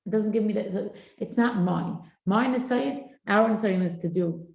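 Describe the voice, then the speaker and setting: A woman's voice: mid-range voice, normal speed, creaky, darkish tone, echoey room, low-quality recording. A middle-aged woman teaching a parenting class in a chatty, informal way, mixing Hebrew and Yiddish terms into her talk.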